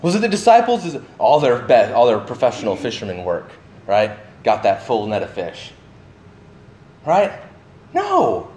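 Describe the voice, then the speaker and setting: A man giving a sermon, animated and full of questions to his listeners, acting out the voices of the people in his story. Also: mid-range voice, normal speed, reverberant. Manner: animated, acts out voices of the disciples; asks the listeners many questions. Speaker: pastor.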